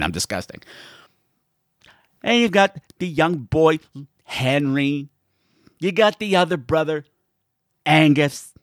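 Campy, animated man recapping a film. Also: on the high side, slow pace, pauses often, dry recording, studio quality. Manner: campy, playful, full of innuendo and asides. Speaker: podcast host. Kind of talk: comedic movie recap.

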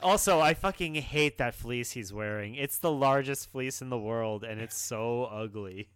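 A man's voice: medium pitch, measured pace, fairly bright tone, clear, resonant tone, dry recording. A man co-hosting a casual podcast chat, making dry, sweary jokes. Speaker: podcast co-host. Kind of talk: casual chat recapping wrestling.

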